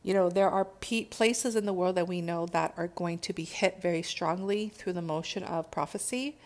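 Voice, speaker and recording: A woman's voice: lowish voice, fairly even intonation, moderate pace. Woman, spiritual monologue, swears freely, exhortative, casual. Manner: profane, exhortative, laughs at own words. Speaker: spiritual speaker.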